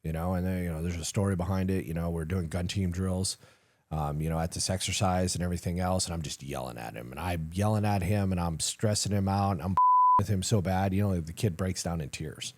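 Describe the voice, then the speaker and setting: A man's voice: low-pitched, fairly even intonation, fairly quick, fairly bright tone, a little hiss or hum. A middle-aged man, a retired senior soldier, telling stories candidly as a podcast guest, acting out dialogue, swearing casually and laughing at himself. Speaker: retired command sergeant major, guest. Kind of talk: candid conversational storytelling.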